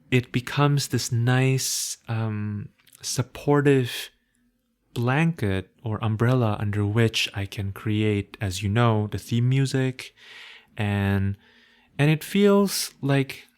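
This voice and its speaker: A man who speaks English as a second language, with an accent that is hard to place, reflects on his own podcast in a slow, unhurried way. His voice sits at a middle pitch, and his phrases often trail off softly, broken by gentle laughs. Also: clear, resonant tone. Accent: hard-to-place non-native English. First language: not English. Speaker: podcast host.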